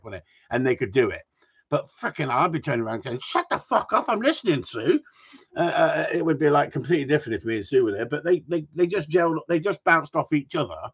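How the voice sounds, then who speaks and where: A man who trains gundogs, chatting casually and telling stories in an animated way, swearing freely and often restarting his sentences. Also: on the high side, breathy edge. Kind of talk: casual chat, storytelling. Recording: dull lo-fi recording.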